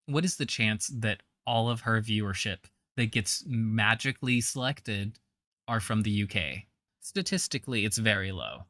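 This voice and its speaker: A man's voice: on the low side, animated, normal speed, fairly bright tone, dry recording. A man giving blunt, scornful reaction commentary, with a trained singer's voice.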